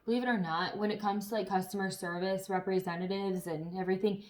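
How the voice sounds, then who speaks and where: A woman chatting casually to camera as a vlogger, telling stories in an animated way with some swearing. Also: medium pitch, fast talker.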